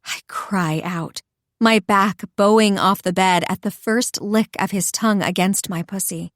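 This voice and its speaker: A woman narrating a first-person romance audiobook in an expressive, intimate storytelling voice. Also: medium pitch, a little slow, dry recording, studio quality.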